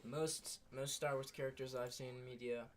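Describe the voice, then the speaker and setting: A man with an American accent chatting casually with a friend over gameplay, making measured, thoughtful remarks. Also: medium pitch, steady tone. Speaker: co-host friend.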